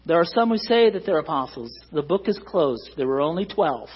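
A man's voice: a little high, expressive, brisk, husky, lo-fi sound. A man preaching a sermon as pastor, earnest and emphatic, pressing his points with rising stresses.

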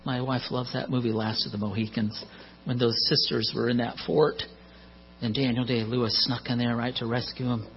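A man's voice: mid-range voice, flat delivery, moderate pace. A middle-aged man preaching a sermon in a conversational way, with joking asides, on a muffled recording with mains hum.

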